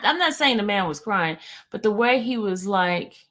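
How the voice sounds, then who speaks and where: A woman chats through her reactions to trial footage, animated and talkative. Her voice sits at a middle pitch. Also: normal speed. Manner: chatty, animated, reacting aloud. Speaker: commentator on court trials. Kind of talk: casual reaction commentary.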